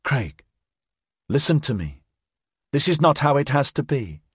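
A man voicing an earnest, determined woman who pleads softly and persuasively, in an audiobook. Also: mid-range voice, big pitch swings, a little slow, husky, no room sound, clean studio sound, pitched above the performer's own voice, heavily acted. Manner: earnest, persuasive, soft-spoken.

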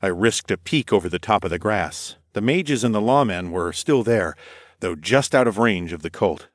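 Low-voiced male audiobook narrator. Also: animated, normal speed, dry recording, studio quality. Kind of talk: first-person audiobook narration.

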